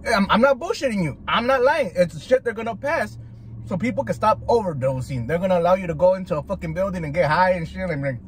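A Southern California food vlogger with a high voice talks quickly inside a parked car, with a little hiss or hum on the recording. Eating as he goes, he rants animatedly in slang, swearing and dropping into Spanish.

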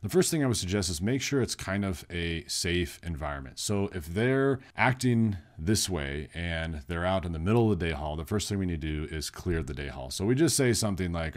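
A man's voice: sits low, expressive, a little fast, few pauses. A man who works as a nurse in behavioral health, explaining in a casual, plain-spoken way. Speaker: psychiatric nurse. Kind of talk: instructional video talk.

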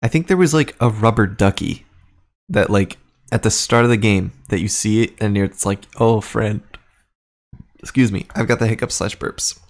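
A man's voice: on the low side, moderate pace. A man streaming a horror game, chatting casually and reacting aloud as he plays, swearing now and then. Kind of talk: casual gameplay commentary.

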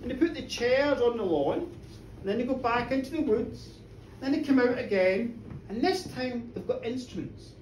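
Live male folk storyteller, expressive and theatrical, mic some distance away in a reverberant pub. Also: very high voice, normal speed, a little hiss or hum. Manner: dramatic and animated, with sound effects and screams. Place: pub stage with an audience. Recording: roomy live bar from far off.

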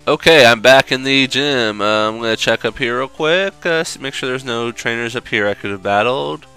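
A man's voice: mid-range voice, moderate pace, pushed and bright, clean tone, soft background music. A young man doing gameplay commentary, swearing and groaning whenever the game turns against him. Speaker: let's play commentator.

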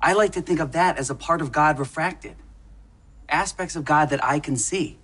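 A man acting as a patient, gently persuasive middle-aged teacher in a sitcom classroom scene, lecturing his students. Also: fairly high pitch, moderate pace, husky. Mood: earnest.

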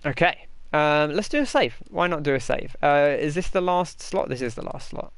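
A man's voice: fairly high pitch, normal speed, smooth, no echo. A man giving chatty, rambling gameplay commentary and answering his chat as he plays. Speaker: gaming host.

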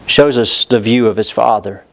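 A man's voice: lowish voice, normal speed, gravelly, rough recording. A pastor preaching an impassioned sermon, acting out the voices of the people in the story he tells.

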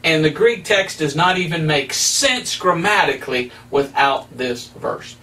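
A man's voice: on the high side, animated, a little slow, bright, forceful tone, far from the mic. A man preaching as an evangelist, teaching Scripture with emphatic, rising stresses. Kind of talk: preaching Bible study.

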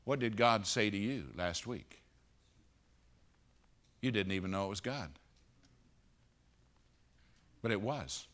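A man preaching a sermon at a conference, moving between loud emphatic peaks and hushed low passages. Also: expressive, slow pace, long pauses. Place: conference auditorium.

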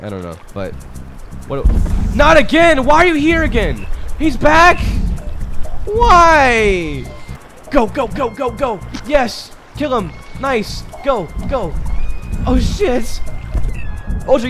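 A young man commenting on his own play of a hard game, mumbling one moment and shouting and swearing the next. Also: a little high, very animated, takes it slowly, long pauses, music in the background. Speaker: gaming streamer. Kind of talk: reactive gameplay commentary.

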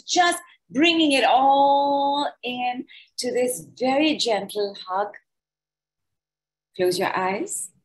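Female meditation guide, very slow and soothing, gentle chant-like repetition. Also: a little high, rough recording. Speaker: spiritual teacher leading a guided exercise.

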